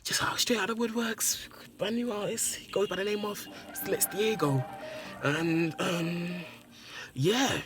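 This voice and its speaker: A man putting on a hyped male radio DJ voice, rushing through brash announcer patter. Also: high-pitched, music in the background, pitched above the performer's own voice.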